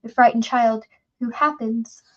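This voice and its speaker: Brief: female audiobook narrator, fairly high voice, dull muffled recording. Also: steady tone, measured pace.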